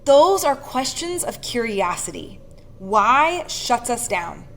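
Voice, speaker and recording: Woman, 30s, higher voice, earnest and animated leadership coach, faint room noise. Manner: earnest, coaching, lively with quick laughs. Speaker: speaker and leadership facilitator. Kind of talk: casual talk to camera.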